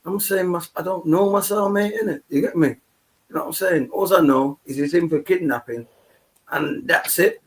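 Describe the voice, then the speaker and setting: A man's voice: on the high side, moderate pace, slightly rough. A man casually telling a long story on a podcast, rambling and saying "you get me" constantly. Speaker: podcast host.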